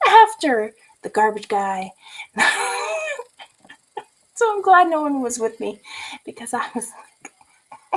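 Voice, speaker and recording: A woman's voice: a little high, wildly swooping pitch, takes it slowly, pauses often, low-quality recording. A woman in her forties from California, telling a story in a casual vlog and laughing often. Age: 40s. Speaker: vlogger.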